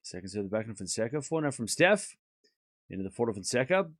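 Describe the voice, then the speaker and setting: A man's voice: medium pitch, big pitch swings, quick pace, no echo, clean studio sound. A man on a live stream, calling tennis points and chatting and teasing with his chat. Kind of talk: casual live-stream commentary.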